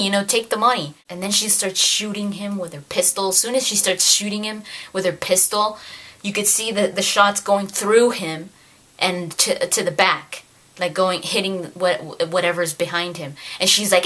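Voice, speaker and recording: A woman giving an animated, exasperated review of a novel in a casual rant, acting out characters' lines along the way. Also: lowish voice, moderate pace. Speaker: video creator reviewing a novel. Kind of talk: casual ranting book review.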